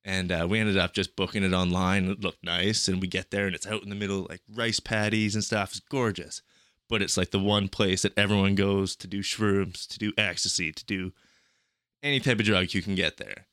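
A young man chatting casually as a podcast guest, telling travel stories in an animated, profane way. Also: sits low, fairly quick, dry recording, studio quality. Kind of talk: casual chat.

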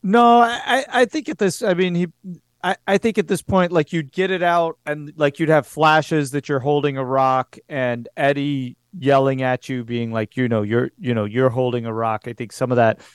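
A man running a tabletop game as game master, talking in a quick, easygoing way with halting restarts. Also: on the high side, steady tone, clear, resonant tone, no room sound, studio quality.

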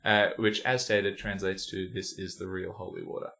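A man's voice: low voice, level tone, moderate pace, a bit bright. A man co-hosting a podcast in casual chat, joking, rambling and laughing often. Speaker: podcast co-host.

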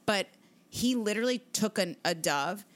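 A woman co-hosting a podcast, telling a story in casual chat, animated and full of swearing and fillers. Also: medium pitch, normal speed. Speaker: podcast co-host.

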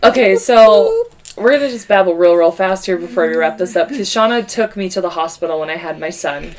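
A woman in her thirties co-hosting a podcast, telling stories in an animated way, swearing freely and laughing often. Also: lowish voice, a little fast. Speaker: podcast co-host. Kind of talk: casual chat.

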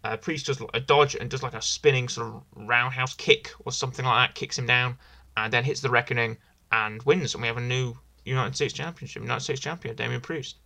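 Bright-voiced man reviewing wrestling. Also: mid-range voice, steady tone, a little fast, gravelly, few pauses. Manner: rambling, enthusiastic, repeats himself. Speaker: podcast host. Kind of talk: casual wrestling review chat.

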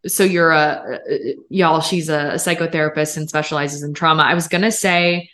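A woman co-hosting a podcast conversation, relaxed and joking. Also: low voice, moderate pace. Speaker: podcast co-host. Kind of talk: casual conversation.

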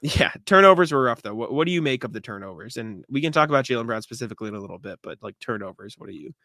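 Bright-voiced man chatting basketball. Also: medium pitch, expressive, very fast, dry recording. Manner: conversational, uses fillers and laughs, clears throat often. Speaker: podcast co-host. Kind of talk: casual sports podcast chat.

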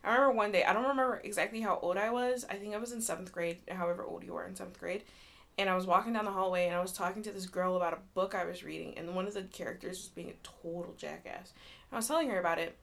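Young woman podcaster, bright voice, spins a story and swears a lot. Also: mid-range voice, brisk. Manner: animated storytelling, acts out quotes, swears freely. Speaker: podcast co-host. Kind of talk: casual chat.

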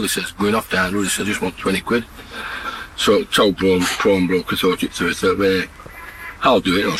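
A man, a farmer telling blunt, earthy rural jokes outdoors and laughing at his own punchlines. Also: lowish voice. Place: outdoors on a farm in mud and mist. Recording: field recording with background noise.

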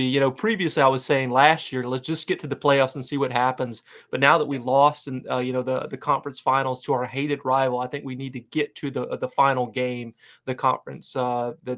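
A man's voice: medium pitch, level tone, fairly quick, fairly bright tone. A man hosting a casual fan podcast, upbeat and hype-driven, with lots of fillers and restarts. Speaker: podcast host. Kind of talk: casual fan-show chat.

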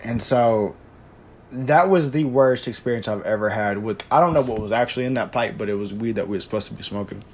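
A man's voice: fairly low pitch, a little fast, slight background noise. A young man casually telling a personal story, full of slang, swearing and "bro", rambling with fillers. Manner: slangy, profane, says "bro" constantly.

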